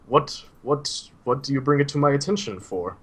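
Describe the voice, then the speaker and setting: A man voicing a kind, frail old male teacher who hunches over a cane, speaking slowly and gently chiding. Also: mid-range voice, slightly rough, pitched above the performer's own voice. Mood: gentle.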